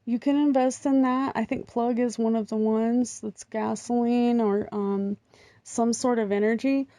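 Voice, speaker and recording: Her voice is a little high, steady, and mellow, and she talks unhurriedly. She's a middle-aged American vlogger rambling through casual chat with lots of ums and small laughs, recorded dry.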